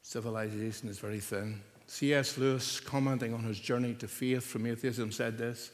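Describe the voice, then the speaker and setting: An older man preaching a sermon, earnest and building at times to loud, forceful emphasis. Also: medium pitch, fairly even intonation, moderate pace, few pauses, long reverb tail.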